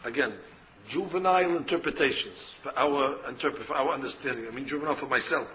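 A man's voice: medium pitch, fast, lo-fi sound, slight background noise. A man, a rabbi, giving a Torah lecture and explaining by asking questions and answering them himself. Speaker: rabbi teaching a Torah class.

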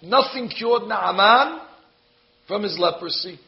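A man teaches a Bible lesson as an animated storyteller who acts out every character. His voice sits high, and the recording is dull and lo-fi. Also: slow pace, gravelly. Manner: lively storyteller acting out the characters. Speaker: religious teacher.

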